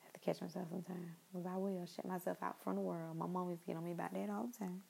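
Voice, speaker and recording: A woman's voice: on the low side, flat delivery, fast, vocal fry, warm tone, husky, low-quality recording. A young woman talking in a casual, rambling monologue, repeating herself and speaking straight to her listeners.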